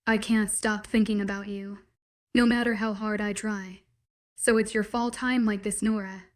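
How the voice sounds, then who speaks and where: A woman's voice: medium pitch, flat delivery, moderate pace, natural voice. A woman reading the lines of a possessive young male werewolf, pleading with intense declarations. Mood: desperate, possessive.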